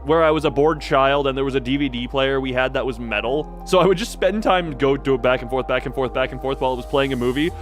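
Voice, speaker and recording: A man chatting casually to his live-stream audience, animated and quick to laugh. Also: medium pitch. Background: faint background music.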